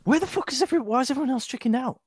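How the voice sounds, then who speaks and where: A man chatting casually on a group voice call, laughing and sorting out browser trouble. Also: extremely high pitch. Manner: lively, laughing, quick tech chatter. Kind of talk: casual voice-chat banter. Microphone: home computer mic on a voice call.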